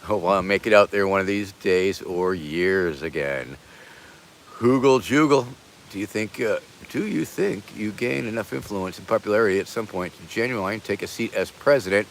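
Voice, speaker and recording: An older man chats casually on a livestream, answering viewers with deadpan, absurd jokes. His pitch sits in the middle but swings widely, and he breaks into shouted pleas for donations. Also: normal speed, gravelly, slight background noise. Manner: jokey, deadpan absurd humor, begging for donations in bursts of loud shouting. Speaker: livestream host reading super chats.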